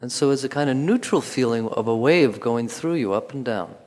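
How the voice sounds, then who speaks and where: A man calmly guiding a movement lesson, giving instructions with pauses and counted beats. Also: mid-range voice. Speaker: movement teacher. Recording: long hall reverb.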